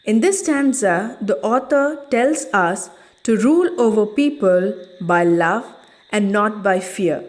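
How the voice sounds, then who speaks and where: A woman teacher reading a poem aloud to children and explaining it stanza by stanza in a measured classroom manner. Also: medium pitch, lively intonation.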